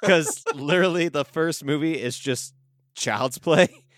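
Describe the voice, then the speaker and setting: A man's voice: on the high side, unhurried, a bit bright, no room sound, studio quality. A man co-hosting a casual movie podcast, rambling with many fillers. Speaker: podcast co-host. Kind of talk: casual movie review chat.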